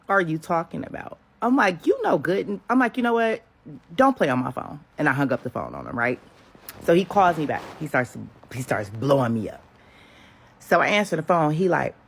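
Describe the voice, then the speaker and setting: A woman in her thirties tells a story in a sassy, casual storytime way, acting out the quotes as she goes. Her voice is husky and gravelly. Her pitch swings widely from line to line.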